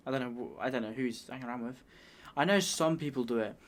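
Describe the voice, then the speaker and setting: A man's voice: mid-range voice, fast talker. Bemused British man reacting casually. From United Kingdom. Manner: chatty, bemused and rambling. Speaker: reaction video host.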